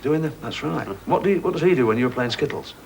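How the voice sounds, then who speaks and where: A man's voice: fairly high pitch, expressive, fast, vocal fry, a little hiss or hum. A middle-aged man hosting a quiz show, joking and teasing the contestants and laughing often, heard over a 1980s TV broadcast in front of a studio audience. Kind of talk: game show banter.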